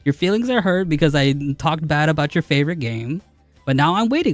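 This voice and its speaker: A man's voice: on the high side, lively intonation, brisk, dry recording, faint music behind. Argumentative streamer man, laughing at chat. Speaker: game streamer. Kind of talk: live stream chat reply.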